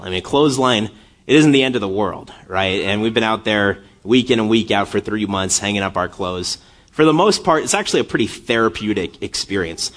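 Pastor, male, 30s, husky, wide-ranging delivery; humorous sermon storytelling that climbs to fervor. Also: lowish voice, fairly bright tone. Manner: self-deprecating storytelling, laughing often, rising to impassioned intensity.

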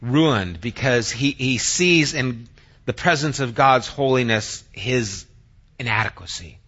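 A man preaching a sermon as pastor, reading scripture dramatically and then talking quietly and earnestly to the congregation. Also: medium pitch, animated, slow pace, breathy edge, highs cut off.

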